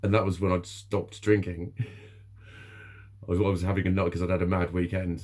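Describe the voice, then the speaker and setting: Deep low-voiced man, middle-aged, sweary and rambling, laughs a lot. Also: level tone, fairly quick, darkish tone. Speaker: vlogger. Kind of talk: candid personal monologue.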